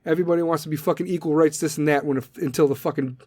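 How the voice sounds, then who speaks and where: A man's voice: a little high, fairly even intonation, rapid-fire, dry recording, studio quality. Blunt, foul-mouthed ranting man. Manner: blunt, aggressive, swears constantly, swings loud and soft. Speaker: podcast segment host. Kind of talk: profane rant to listeners.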